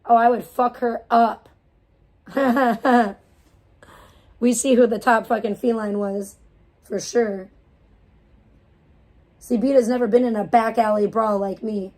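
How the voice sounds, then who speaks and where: A woman's voice: a little high, steady tone, slow pace, long pauses, a little mellow. A woman live streamer ranting angrily, profane and scornful, with a mocking edge.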